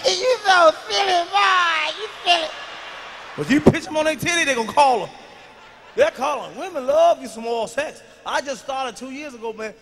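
High, bright-voiced male comic in a hall. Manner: profane, swings from mumbled asides to shouted punchlines. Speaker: stand-up comedian. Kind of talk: stand-up routine. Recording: long hall reverb, faint noise.

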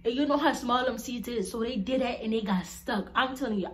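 A young woman vlogger chatting casually to her viewers, animated and blunt, laughing often as she tells stories. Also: on the high side, a little fast.

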